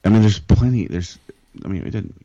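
A man co-hosting a podcast, speaking earnestly and haltingly as he searches for his words. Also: on the low side, dark tone, dry recording. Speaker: podcast co-host. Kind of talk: casual podcast talk and prayer. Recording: dull, dry lo-fi recording.

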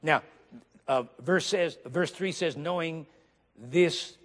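A man preaching a sermon to a congregation, emphatic, repeating key phrases and slowly reading scripture aloud while asking the listeners questions. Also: on the high side, fairly bright tone. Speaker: guest preacher. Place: church sanctuary. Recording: long hall reverb.

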